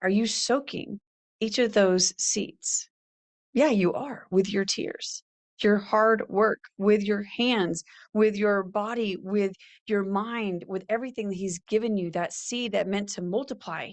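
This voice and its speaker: Earnest and unhurried, this middle-aged podcast host delivers a faith-based motivational talk in a mid-range voice, pausing to read passages of scripture aloud.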